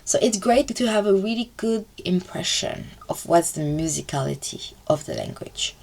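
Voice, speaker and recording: Husky, gravelly woman chatting casually. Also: lowish voice, expressive, normal speed, a little mellow. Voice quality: chatty, loose grammar, fillers like "like" and "poof". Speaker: language learning vlogger. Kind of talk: casual advice to camera.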